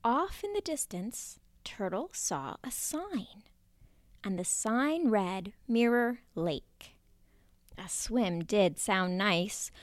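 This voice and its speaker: A woman narrating a children's story in a playful, expressive way, at times dropping to a whisper. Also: fairly high pitch.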